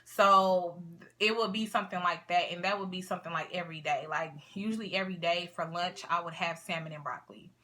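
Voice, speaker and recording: A woman's voice: on the low side, fairly even intonation, a little fast, pushed and bright, a little hiss or hum. A young woman vlogging casually to camera, chatty and rambling, with a sniffle. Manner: chatty, rambling, lots of fillers and asides.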